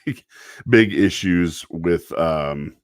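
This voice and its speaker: A man's voice: deep voice, extremely slow, no echo, clean studio sound. A man casually reviewing a TV episode on a live stream, rambling, often breaking into laughter and apologizing. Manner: quotes characters in mock voices.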